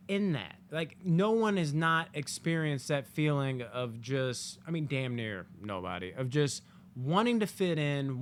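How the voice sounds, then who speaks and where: Animated, foul-mouthed male movie reviewer. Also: a little high, slight background noise. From United States. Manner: animated, profane, jokey asides with acted-out quotes. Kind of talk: casual spoken movie review.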